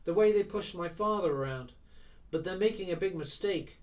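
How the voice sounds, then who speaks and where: A man's voice: high-pitched, moderate pace, recorded from a distance, pitched above the performer's own voice, close to an everyday voice. A man reading aloud and voicing a haughty, petulant teenage boy prince who flares up indignantly. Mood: menacing. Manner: imperious, sulky, flares up indignantly.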